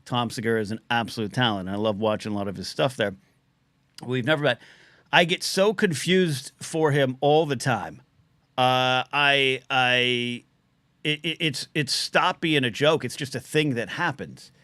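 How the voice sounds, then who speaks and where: A man's voice: mid-range voice, sharp tone, dry recording. Man, middle-aged, livestream host, rambling chat, scratchy throat, dry sound. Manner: chatty, quick asides, reads out chat names. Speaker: livestream call-in show host. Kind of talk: casual rambling live-stream talk.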